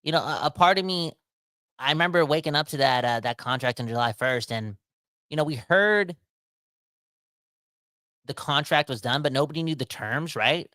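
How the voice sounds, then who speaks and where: Rambling podcast host, bright dry voice. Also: male voice, a little high, normal speed, pauses often, no echo. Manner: rambling, self-interrupting, animated. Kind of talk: casual sports podcast talk.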